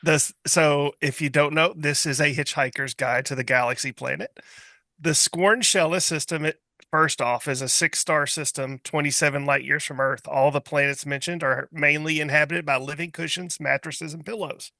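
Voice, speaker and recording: Male podcast co-host, gravelly edge, slightly raised pitch, dry mic. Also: steady tone, moderate pace, sharp tone, no room sound. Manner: reading notes aloud, joking. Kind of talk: casual panel chat.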